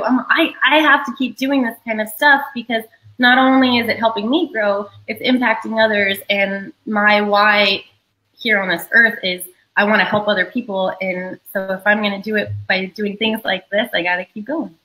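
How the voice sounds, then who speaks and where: A woman's voice: medium pitch, pushed and bright, rough recording. A young adult woman speaking as an interview guest, earnest and heartfelt. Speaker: guest, event co-founder. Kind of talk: casual interview chat.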